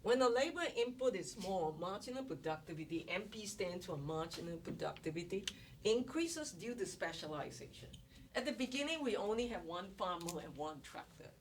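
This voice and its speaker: This economics lecture comes from a woman whose voice sits on the low side, animated and at a moderate pace; she explains each step and throws in rhetorical questions for the classroom. It's recorded from a distance, with noise and clicks.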